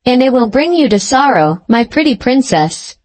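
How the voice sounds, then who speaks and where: Woman reading a scheming old sea witch from a storybook: cold, deliberate, mocking. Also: fairly high pitch, very animated, a little mellow.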